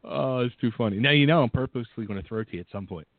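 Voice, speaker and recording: A man with a Philadelphia accent hosts a casual radio show, upbeat and stumbling over plenty of fillers. His voice has an average pitch. It comes through a tinny phone line with a dry, close sound. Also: rapid-fire, dry recording. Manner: upbeat, hesitant with many fillers.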